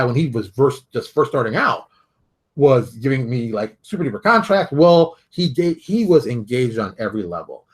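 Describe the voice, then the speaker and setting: A husky-voiced man hosts his own video podcast, talking straight to the camera. He rambles quickly in a casual monologue, urging his viewers on and dropping into loud quoted voices for the people in his stories. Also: medium pitch. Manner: animated, exhorting, jumps into loud quoted voices. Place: home studio in front of a camera.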